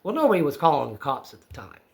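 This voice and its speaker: Gravelly loud maine guy telling a wild story, cussing a lot, gets worked up. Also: on the high side, fast. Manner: loud, excitable, swears freely. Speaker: witness telling his story. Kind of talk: casual storytelling.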